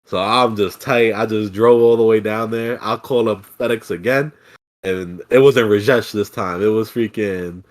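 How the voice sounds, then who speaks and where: A young man hosting a podcast, telling a story in casual chat with animated, profane ranting. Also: fairly low pitch, normal speed. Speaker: podcast host.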